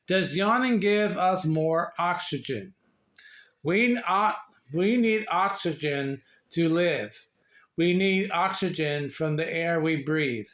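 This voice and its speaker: Slow, halting man reading aloud. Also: a little high, expressive, fairly bright tone. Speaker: reader sharing a book. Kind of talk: casual read-aloud of a children's book. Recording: echoey room.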